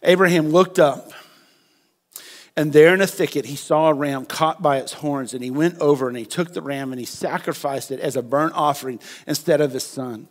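A pastor delivering an impassioned sermon. He swings from hushed, quiet stretches to loud, emphatic peaks. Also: on the high side, moderate pace. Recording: long hall reverb.

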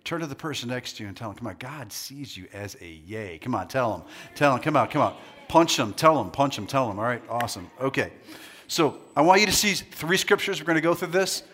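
A man's voice: mid-range voice, animated, fast talker, fairly bright tone. A male pastor preaching to a live congregation, playful and joking, drawing the crowd into call-and-response before turning earnest. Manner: shifts from jokey banter to earnest preaching. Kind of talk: sermon. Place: church hall with a live congregation.

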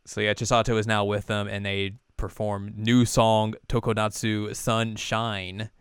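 A man's voice: lowish voice, little pitch movement, measured pace, clear, resonant tone, no echo, clean studio sound. A young man co-hosting a podcast, recapping an anime episode in a chatty, filler-heavy way. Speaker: podcast co-host.

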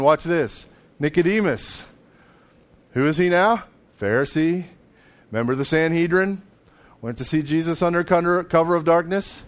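A man preaching a sermon in a conversational way, sometimes acting out voices of the people in the story. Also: a little high. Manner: conversational, acts out voices of biblical figures, with laughs. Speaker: pastor.

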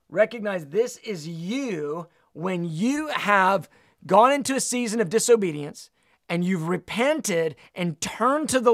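A man's voice: high-pitched, creaky, no echo, clean studio sound. A man preaching a sermon, reading scripture aloud and teaching with emphatic delivery.

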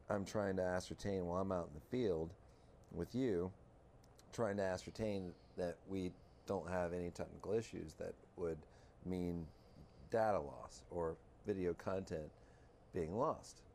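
A man chatting casually on a podcast, telling an animated story full of swearing and mocking impressions. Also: a little slow, slight background noise. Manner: animated storyteller, swears, mimics others in a high voice. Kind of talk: casual chat.

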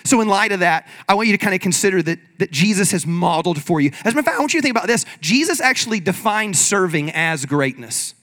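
A man preaching a sermon in an energetic, conversational way, leading the congregation in call-and-response. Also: sits high, fast, hardly any pauses. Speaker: pastor.

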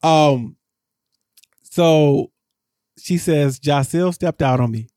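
A man's voice: very slow, no echo, clean studio sound. Chatty man recapping a reality show. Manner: rambling, animated, jumps up in pitch when exasperated. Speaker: podcast co-host. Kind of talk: casual recap chat.

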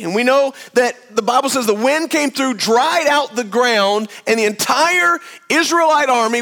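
A man's voice: very high-pitched, pushed and bright. A man preaching a sermon to a congregation, retelling the story in a chatty, storytelling way and speaking straight to the room.

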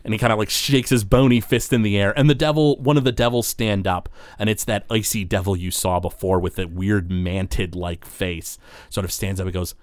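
Guy narrating a tabletop game, kinda low voice, lots of "like" and "you know", dry close sound. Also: normal speed, no room sound. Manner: loose, filler-heavy narration. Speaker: game master.

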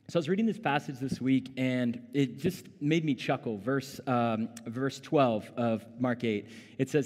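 A man's voice: medium pitch, moderate pace, darkish tone. A man preaching in a church, his mid-range voice ringing with a long hall reverb. He talks conversationally, full of ums and uhs, and rises in intensity when he voices questions. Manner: conversational, many fillers, rising intensity when quoting. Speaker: pastor. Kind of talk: sermon. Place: church sanctuary.

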